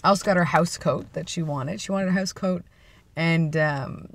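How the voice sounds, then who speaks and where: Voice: medium pitch, moderate pace, vocal fry, dry recording. A vlogger chatting casually and playfully from inside a parked car, rambling and laughing at their own jokes. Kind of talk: casual chat.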